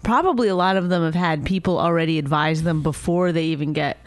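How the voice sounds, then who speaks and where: A woman's voice: low voice, quick pace, no echo. A woman co-hosting a podcast, rambling and complaining in casual chat, swearing freely. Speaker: podcast co-host.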